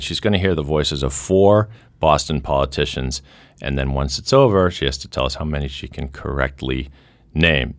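A male podcast host with a deep, low voice leads a casual quiz game in playful game-show style. The sound is dry and close, with no room around it. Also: a bit bright, no room sound.

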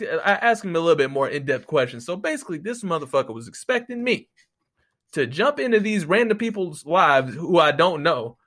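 A man's voice: sits high, a bit bright. A man ranting casually as a podcast host, profane and exasperated, talking close to the microphone and mocking the people he quotes. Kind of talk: casual solo rant.

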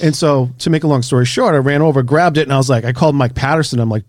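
A man, an author and researcher, telling a story in a casual interview, animated and casually swearing. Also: mid-range voice, very fast.

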